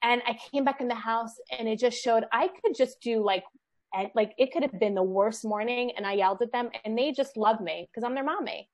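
Mom in her 30s rambling through a story, lots of "like", kinda high voice. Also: a little fast. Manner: animated storyteller, lots of "like" fillers. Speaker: guest, children's book author. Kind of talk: casual podcast chat.

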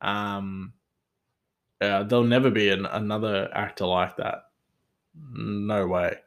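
A man's voice: on the low side, little pitch movement, takes it slowly. A man hosting a solo talk show, rambling casually with many fillers and restarts. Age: adult father. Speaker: podcast host.

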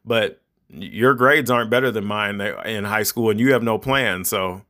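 A man's voice: on the low side, unhurried, bright, forceful tone. A middle-aged man hosting a podcast, giving rambling, conversational advice to parents in a preachy tone. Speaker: podcast host. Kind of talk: casual monologue podcast.

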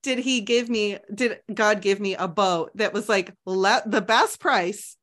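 A woman hosting a podcast and telling a story in casual chat, her pitch sitting in an ordinary middle range. She talks straight to her listeners, slips into the voices of people in the story and laughs often. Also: a little slow. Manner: animated, acts out quoted dialogue, laughs often. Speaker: podcast host.

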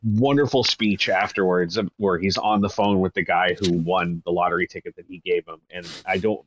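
A man's voice: low-pitched, fairly even intonation, a little fast. A man on a podcast panel, chatting casually and telling a story with enthusiasm. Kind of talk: casual chat.

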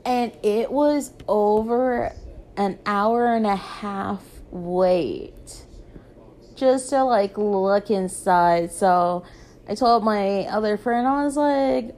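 A woman's voice: medium pitch, extremely slow, a little mellow. A young woman vlogger telling a rambling casual story, filling her talk with "like". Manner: rambling, peppered with "like".

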